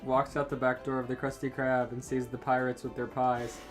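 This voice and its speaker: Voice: mid-range voice, fairly quick, soft background music. A podcast co-host in casual chat who giggles often. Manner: lively, giggly.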